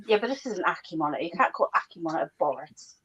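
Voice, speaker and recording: A woman chatting casually while showing her reptiles, often cooing softly to a lizard. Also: lowish voice, lively intonation, racing, husky. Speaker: reptile keeper streaming her pets. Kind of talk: casual chat. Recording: dull lo-fi stream audio with faint noise.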